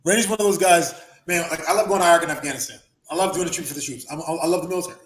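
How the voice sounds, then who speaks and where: A man hosting a casual podcast chat, an animated storyteller who swears freely and laughs often. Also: on the high side, racing, reverberant. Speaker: podcast host, former wrestler.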